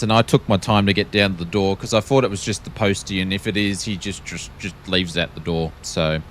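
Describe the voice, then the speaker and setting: Give me a low-pitched Australian man casually joking his way through a flight sim stream. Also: a bit bright, slight background noise. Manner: joking, rambling, self-deprecating. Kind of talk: casual live-stream chat.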